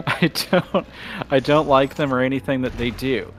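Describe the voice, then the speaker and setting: A man's voice: medium pitch, unhurried. A young man, a podcast co-host, chatting casually during a live gaming stream and telling a rambling story, laughing mid-sentence.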